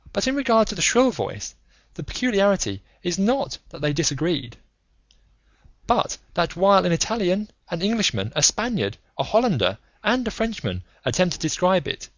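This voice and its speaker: A man's voice: high-pitched, wildly swooping pitch, dry recording, lo-fi sound, heavily acted. A man doing a cool, methodical detective. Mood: lecturing. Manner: measured, lecturing, methodical. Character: calm, analytical adult male detective. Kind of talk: audiobook reading.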